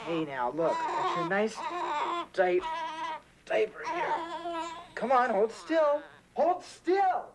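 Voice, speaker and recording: A young male actor playing a teenage boy, a high school senior overwhelmed as a new father, pleading and near tears in a 1980s TV drama. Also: huge pitch swings, takes it slowly, vocal fry, long pauses, full character voice. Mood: frustrated. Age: teens. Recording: hissy old TV film audio.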